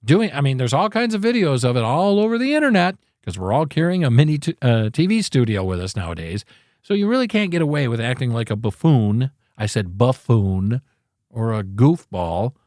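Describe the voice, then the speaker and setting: Animated, emphatic male podcast host. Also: mid-range voice, fast, no echo, clean studio sound. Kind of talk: casual solo podcast monologue. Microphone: podcast microphone.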